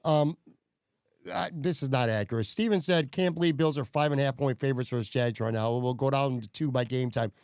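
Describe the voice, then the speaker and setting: A man hosting a sports podcast in casual chat, relaxed and hedging with fillers. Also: mid-range voice, a little fast, clean tone, dry recording, studio quality. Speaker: podcast host.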